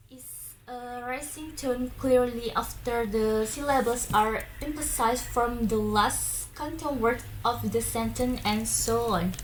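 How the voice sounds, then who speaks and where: A young adult woman student reading a class presentation aloud slowly and carefully, with occasional stumbles. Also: on the high side, a little hiss or hum, rough recording.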